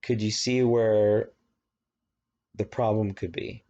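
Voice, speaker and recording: A man's voice: lowish voice, level tone, takes it slowly, mellow, dull audio. A man from Virginia teaching a recorded college lecture on government, chatty, with rambling asides and frequent fillers. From Virginia, United States.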